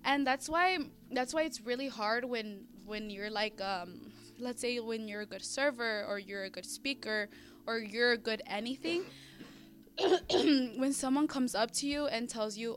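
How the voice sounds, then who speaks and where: A woman talks through faith in a relaxed, animated way. She often restarts her sentences. Her voice sits fairly high, with soft music faintly behind her. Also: normal speed. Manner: animated, acts out quotes, frequent restarts. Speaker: co-host of a faith discussion. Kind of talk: casual faith discussion.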